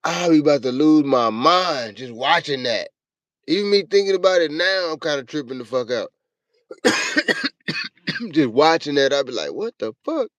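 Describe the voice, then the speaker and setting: A man hosting a show, telling a long, profane personal story in a casual, animated way. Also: on the high side, measured pace, pauses often, dry recording. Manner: profane, animated, acts out his own panicked yelling. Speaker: show host.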